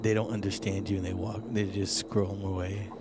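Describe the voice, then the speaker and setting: A man's voice: low-pitched, flat delivery, normal speed, heavy background noise. A man playing a tabletop role-playing game, bantering and teasing the other players. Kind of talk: casual tabletop role-play.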